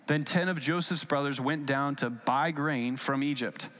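A male pastor preaching a sermon in a casual, animated storytelling way, with asides to the congregation. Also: mid-range voice, normal speed, few pauses.

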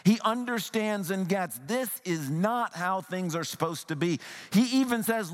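A man preaching a sermon as a pastor, earnest and conversational, at times dropping to a soft, hushed voice. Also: high-pitched, animated, a little slow, hardly any pauses, in a large hall.

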